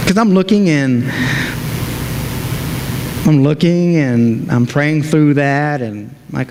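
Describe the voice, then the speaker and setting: A man preaching a sermon as pastor, emphatic, slowing down to stress his points. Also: on the high side, noisy background. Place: church sanctuary. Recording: echoey hall with faint ambience.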